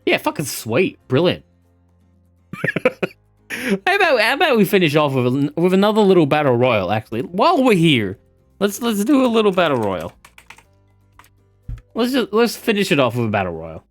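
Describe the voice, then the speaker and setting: A man streaming a game, chatting casually with viewers, animated and cursing freely. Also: sits high, normal speed, long pauses, soft background music. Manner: animated, swearing, laughing at the game. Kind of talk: casual live-stream chat.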